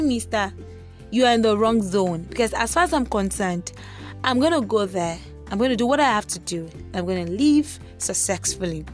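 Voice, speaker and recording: A young woman telling a personal story as a motivational talk, acting out the voices of the people in it. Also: medium pitch. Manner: animated, acts out voices of others. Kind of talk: storytelling monologue. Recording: faint music behind.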